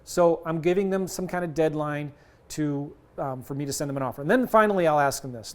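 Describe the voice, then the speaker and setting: A man's voice: on the high side, brisk. A middle-aged man coaching on real estate deals in a casual, conversational way, acting out bits of seller calls. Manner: conversational, acts out both sides of sales calls. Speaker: real estate investing teacher.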